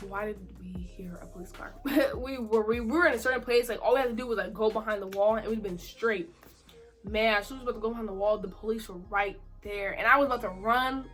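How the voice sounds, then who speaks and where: Bright-voiced young woman telling a story. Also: a little high. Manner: animated, slangy, repeats herself for emphasis. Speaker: vlogger. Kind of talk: casual storytime.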